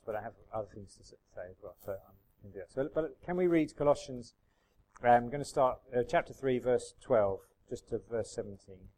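A pastor preaches to his congregation in an easygoing, conversational way, using plenty of fillers. His voice is mellow and warm, with a middling pitch. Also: poor audio. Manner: conversational preaching with fillers, slows and lifts his voice when reading scripture. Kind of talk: sermon.

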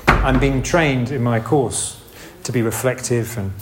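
A man's voice: mid-range voice, unhurried, a little hiss or hum. A man giving a casual, rambling sermon. He restarts often and makes asides. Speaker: preacher. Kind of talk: informal sermon.

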